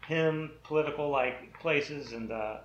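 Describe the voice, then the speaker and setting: A man's voice: fairly high pitch, a little slow, a little hiss or hum. A man in a casual chat who argues his points in a matter-of-fact way. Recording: echoey, dull room recording.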